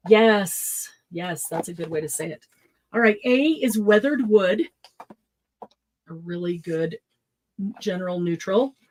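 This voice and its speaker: A woman's voice: lowish voice, lively intonation, unhurried, pauses often, a little mellow, slight background noise, rough recording. Chatty woman hosting a live craft sale. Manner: chatty, laughs often, lists product colors. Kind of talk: casual live sale chat.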